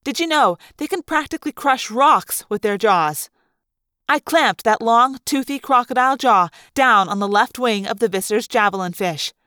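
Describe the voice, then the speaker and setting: A woman reads a first-person adventure story aloud for a fan-made audiobook. Her voice sits fairly high and comes across dry and close, with lively, dramatic storytelling. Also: moderate pace, clean tone, no room sound. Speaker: audiobook reader. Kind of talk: expressive first-person book narration.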